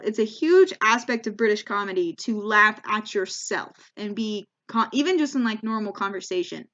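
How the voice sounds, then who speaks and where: A young American woman with a fairly high voice spins a comic travel story and jumps in and out of the voices she quotes. She trips over her words and restarts often. The recording sounds slightly dull and lo-fi. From United States. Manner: animated, acts out quoted voices, frequent restarts. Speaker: comedian.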